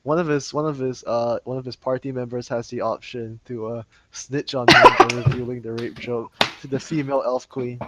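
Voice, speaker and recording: A young man, co-hosting a podcast with teasing, deadpan jokes, heard on a dull lo-fi recording. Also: medium pitch, moderate pace, hardly any pauses. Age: young adult. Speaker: podcast co-host. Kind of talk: casual podcast banter.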